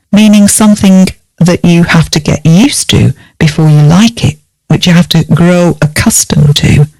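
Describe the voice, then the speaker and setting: A woman teaching vocabulary in a lesson, speaking clearly and spelling words out letter by letter. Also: fairly low pitch, darkish tone, no room sound. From United Kingdom. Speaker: English teacher.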